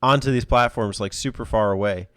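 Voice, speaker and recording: A man co-hosting a gaming podcast in casual chat, joking around with playful drawn-out punchlines. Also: on the low side, a little hiss or hum. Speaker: podcast co-host.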